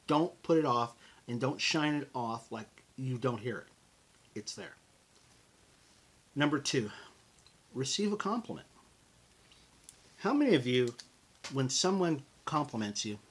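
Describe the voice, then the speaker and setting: Brief: middle-aged American man, podcast host, husky and breathy tone, lively motivational talk aimed straight at the listener. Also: mid-range voice. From United States. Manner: animated and conversational, addresses listeners as folks.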